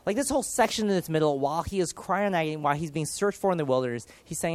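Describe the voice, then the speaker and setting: A man in his thirties delivers a sermon in an earnest, animated way, pushing some lines hard and dropping others to near quiet. His voice sits a little high for a man. The sound is dry and close. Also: racing, hardly any pauses, no echo. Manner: earnest, animated, with dramatic shifts in loudness. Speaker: pastor.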